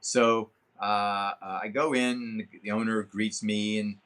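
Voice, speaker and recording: A man in his seventies, a guest telling a long, animated story in an interview, swearing freely. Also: unhurried. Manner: animated, swearing, acts out quotes with big pitch jumps. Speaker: guest actor. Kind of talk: anecdotal storytelling in a podcast interview.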